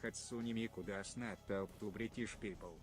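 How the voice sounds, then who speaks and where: A text-to-speech male voice played back quietly on stream, delivering teasing lines. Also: on the low side, fairly even intonation, normal speed, faint music behind, close to an everyday voice. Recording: faint, distant playback.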